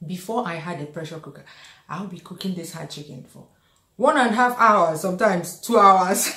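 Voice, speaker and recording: A woman's voice: on the low side, fairly bright tone, roomy sound. A middle-aged woman with a Nigerian accent, chatting and telling stories while she demonstrates her cooking, laughing often. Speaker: cooking vlogger. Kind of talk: casual cooking demonstration and storytelling. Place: home kitchen.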